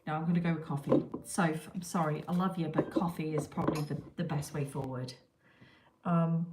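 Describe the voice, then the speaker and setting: A woman's voice: low voice, steady tone, brisk. A woman, chatting casually with viewers as a livestream host and reading out their comments. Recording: echoey room with clear background noise.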